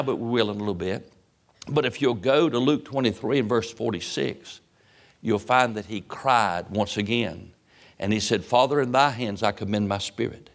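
A man preaching a sermon in church, moving from low, measured Scripture reading to high, impassioned cries. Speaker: pastor. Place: church, broadcast on radio and internet.

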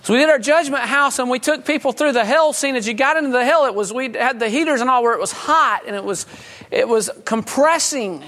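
A man's voice: very high-pitched, a little fast, bright, forceful tone. Folksy preaching man, middle-aged. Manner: folksy storytelling with chuckles, rising to urgent preaching. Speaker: pastor. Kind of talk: sermon.

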